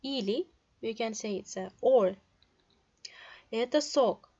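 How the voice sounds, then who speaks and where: A woman's voice: on the high side, slow pace, warm tone, highs cut off. A young woman from Russia with a Russian accent, teaching a language lesson in English, reading words aloud one by one with short glosses and hesitant fillers. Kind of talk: slow online language lesson.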